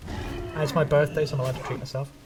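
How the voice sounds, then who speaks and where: A man's voice: fairly high pitch, little pitch movement, fast, far from the mic, music in the background. A man from England with a neutral English accent, chatting casually and rambling while streaming a game, swearing now and then. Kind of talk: casual gaming stream chat.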